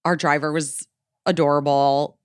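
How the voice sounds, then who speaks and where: A woman's voice: low voice, little pitch movement, measured pace, clear, resonant tone, no room sound, clean studio sound. A woman in her forties hosting a podcast, telling a story in casual chat, full of "like" and swearing freely. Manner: chatty, heavy on "like", swears freely. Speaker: podcast host.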